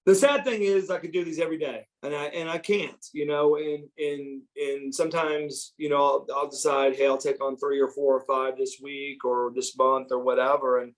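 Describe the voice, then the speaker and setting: A middle-aged man, an interview guest, telling stories in a casual, animated way, repeating words and acting out quotes. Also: mid-range voice, moderate pace, hardly any pauses. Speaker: interview guest, former pro wrestler. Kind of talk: casual storytelling.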